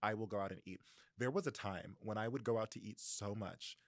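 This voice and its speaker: A young man co-hosting a book podcast, retelling a story in a lively, chatty way with quick asides and little voices for the people in it. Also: fairly low pitch, dry recording, clean studio sound. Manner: animated storytelling with voices and laughs. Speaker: podcast co-host. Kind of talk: casual book-club chat.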